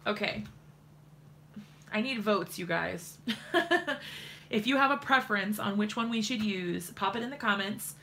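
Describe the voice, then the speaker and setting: Chatty woman with a gravelly edge. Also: medium pitch, measured pace, pauses often, bright, forceful tone, a little hiss or hum. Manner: chatty, laughs often, talks straight to viewers. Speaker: crafting livestream host. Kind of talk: casual crafting demo chat. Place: home craft desk.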